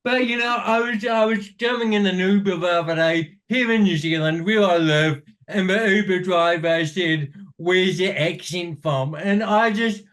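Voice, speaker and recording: A man's voice: high-pitched, normal speed, hardly any pauses, a bit bright. A man in a podcast conversation, a motivational speaker telling earnest stories and often quoting what others said to him.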